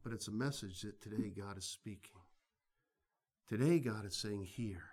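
A man preaching a sermon, pleading, drawing out phrases slowly and dropping to soft, hushed passages. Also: fairly low pitch.

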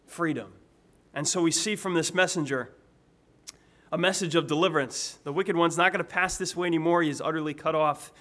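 Male pastor delivering a sermon, talky and informal, voice sits a little high. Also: fairly quick, fairly bright tone. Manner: conversational, repeats words when restarting phrases. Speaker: preacher.

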